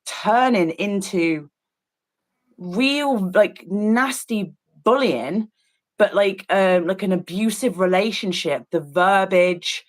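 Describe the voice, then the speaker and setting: A woman's voice: medium pitch, expressive, slow pace, poor audio. Woman telling a rambling story, casual chat. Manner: rambling storytelling with many fillers and restarts; incredulous and disgusted. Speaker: co-host of an art stream. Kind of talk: casual chat while painting.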